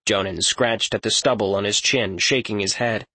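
A man narrating a fantasy novel as an audiobook, in measured scripted narration. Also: lowish voice, fairly even intonation, bright, forceful tone, husky, no room sound.

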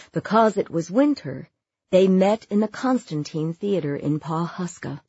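A woman narrates a true story at a slow, measured pace. Her voice is a little husky, mid-pitched, recorded dry with slightly dull sound. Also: warm tone, no echo. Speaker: audiobook narrator. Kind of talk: scripted narration.

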